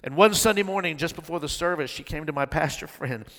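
A male pastor delivers a sermon with a bright, forceful tone. He drops low and quiet, then swells to loud, ringing peaks. His voice trails off into the long reverb of a church sanctuary. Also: fast. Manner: storytelling preacher, swells from soft to shouting.

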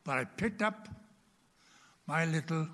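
In a hall with long reverb, an old preacher from Wales tells a tale from his childhood during a sermon. He speaks slowly and dramatically, sinking to a whisper to stress key moments, in a fairly high, bright, animated voice.

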